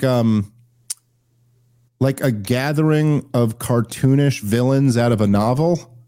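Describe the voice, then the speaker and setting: A man's voice: medium pitch, dark tone. A man hosting a podcast, chatting about politics in a rambling, joking and profane way. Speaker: podcast host. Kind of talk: casual comedic political chat.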